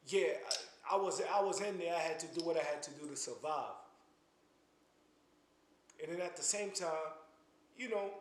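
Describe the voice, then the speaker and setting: A man speaks in a fairly high voice, lecturing with real passion and tripping over repeated words as he pushes his point. The sound carries a noticeable room echo, as if recorded in a bare space. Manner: impassioned, stammering restarts, preachy. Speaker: commentary channel host. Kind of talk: casual spoken commentary to camera.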